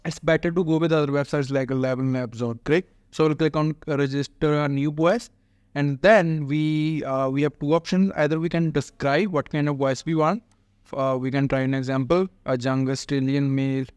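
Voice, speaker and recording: A man hosting a casual software walkthrough, chatty and explaining step by step with many "uh" fillers. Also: on the high side, steady tone, normal speed, clear, resonant tone, no echo. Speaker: tech tutorial host.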